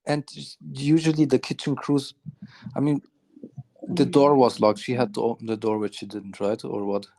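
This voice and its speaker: A man hosting a casual interview who quietly asks short questions to check details. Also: medium pitch, flat delivery, normal speed. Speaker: interview host.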